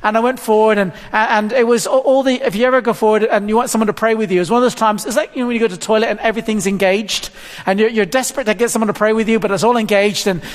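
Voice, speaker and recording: A man's voice: high-pitched, steady tone, very fast. A man in his fifties preaching a sermon in a church hall, chatty and self-deprecating, often stumbling and repeating words. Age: 50s. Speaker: pastor. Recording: long hall reverb.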